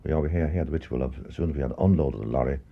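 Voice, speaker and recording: An older man, a former touring actor, calmly recalling life on the road with plain, steady pauses. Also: very deep voice, gravelly. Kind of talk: reminiscence. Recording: muffled old tape with faint hiss.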